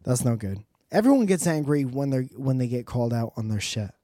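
A man's voice: medium pitch, very animated, brisk, dark tone, no room sound, studio quality. A man doing a rambling, profane comedic monologue with joking asides.

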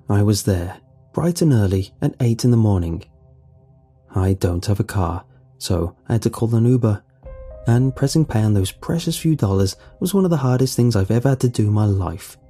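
A man telling a first-person horror story in a low-key, wry storytelling voice. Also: dark tone, breathy edge. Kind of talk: first-person creepypasta narration. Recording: faint music underneath.

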